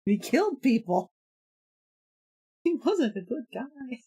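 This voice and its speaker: A woman's voice: high-pitched, very animated, takes it slowly, mellow, slightly rough. Giggly, rambling woman streamer. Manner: rambling, laughs often, many fillers. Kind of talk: casual live-stream chat.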